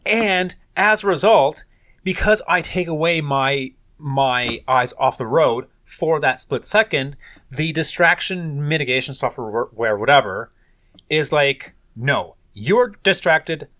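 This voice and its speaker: A man's voice: fairly high pitch, a little slow, bright, forceful tone. A man co-hosting a car podcast in casual chat, ranting animatedly and swearing freely. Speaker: podcast co-host.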